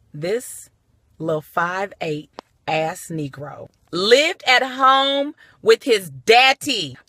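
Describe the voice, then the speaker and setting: Animated, profane woman telling a story. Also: on the low side, no echo. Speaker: vlogger. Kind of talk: comic storytelling to followers. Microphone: phone.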